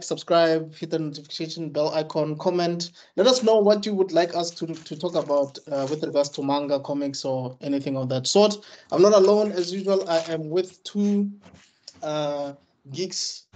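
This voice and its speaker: Chatty higher-voiced man hosting a podcast. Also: fairly even intonation, moderate pace, darkish tone, muffled recording. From South Africa. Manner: upbeat, chatty, with fillers. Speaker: podcast host. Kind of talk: casual podcast chat.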